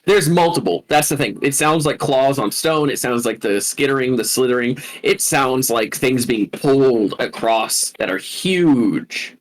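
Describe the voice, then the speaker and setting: A man running a tabletop game as dungeon master, narrating slowly with many fillers. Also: medium pitch. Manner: slow, searching narration with fillers.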